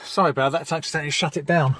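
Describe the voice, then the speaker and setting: A woman's voice: low-pitched, fairly even intonation, rapid-fire, a bit bright, slight background noise. A woman vlogging outdoors in the woods, chatting casually and coaxing her dogs in a sing-song pet-talk voice. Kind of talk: casual vlog chat.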